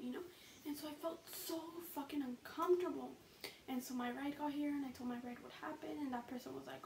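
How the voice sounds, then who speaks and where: A young woman with a slightly high voice tells a personal story in a casual, chatty way, peppering it with "you know," "like," and the odd curse. She sits a little back from the mic in a roomy, echoey space, with faint ambient noise behind her. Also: steady tone, a little fast, gravelly, a little mellow, distant mic. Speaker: vlogger.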